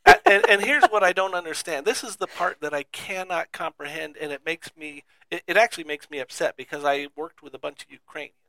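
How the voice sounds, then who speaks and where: Guy cohosting a podcast, gravelly and kinda bright, rambly skeptical talk, dry close sound. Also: on the high side, a little fast, hardly any pauses, dry recording. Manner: rambling, skeptical, restarts a lot. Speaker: podcast co-host. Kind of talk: casual chat.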